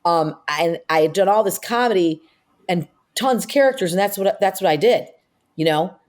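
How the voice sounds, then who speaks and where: An older woman from upstate New York, a comedic actress appearing as a guest, chats casually in an interview with a lower voice. She is an animated storyteller, full of rapid asides and fillers.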